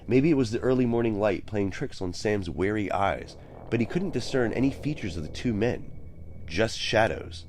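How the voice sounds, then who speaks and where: A man reading a dramatic story aloud as narrator, with slow storytelling. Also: fairly low pitch, expressive, darkish tone, a little hiss or hum. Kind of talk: audiobook narration.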